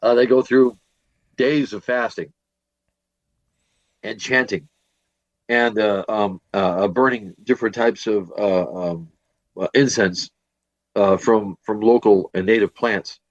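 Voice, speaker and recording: Slow and steady, with long pauses, a lowish-voiced man from Northwest Indiana tells a lengthy ghost-hunting story as a podcast guest, padding it with fillers and restarts. He teaches and investigates the paranormal, and seems a little tired from teaching. No echo, and the audio sounds dull.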